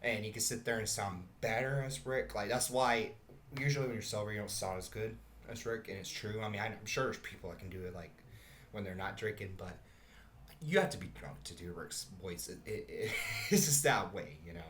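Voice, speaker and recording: A man's voice: fairly low pitch, a little fast, fairly bright tone, slight background noise. A man hosting a podcast in casual, rambling chat, laughing often and swearing casually. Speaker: podcast host.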